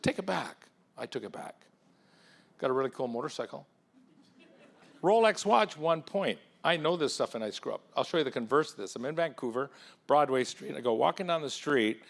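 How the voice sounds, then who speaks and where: A man in his fifties gives a lively motivational keynote at a conference. His voice sits a little high for a man. He tells stories with punch and speaks directly to people in the crowd. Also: vocal fry. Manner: punchy, animated, addresses audience members directly. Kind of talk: motivational business keynote with storytelling. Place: conference hall.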